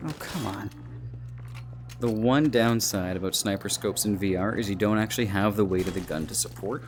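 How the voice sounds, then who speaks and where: A man's voice: on the low side, moderate pace. A man, an author, rambling and joking in casual commentary while he plays a VR game. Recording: game music behind.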